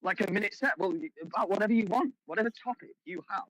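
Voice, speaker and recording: A man's voice: high voice, fast talker, a bit bright, dry recording, rough recording. A man co-hosting a stream, chatting casually, probing a guest and coaching him. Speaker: co-host. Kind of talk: casual chat.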